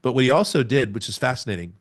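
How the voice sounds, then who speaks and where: A man in his forties, a podcast guest, telling a personal testimony in a lively storytelling way with sound words. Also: medium pitch, racing. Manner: animated storyteller, acts out scenes with sound words.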